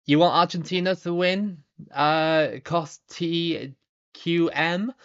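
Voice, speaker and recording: A man in his thirties with a Somerset accent, chatting casually on a live stream while reading viewer comments, relaxed, with lots of ums and restarts. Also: fairly high pitch, slow pace, smooth, muffled recording. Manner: relaxed, chatty, frequent ums and repeated starts, laughs easily.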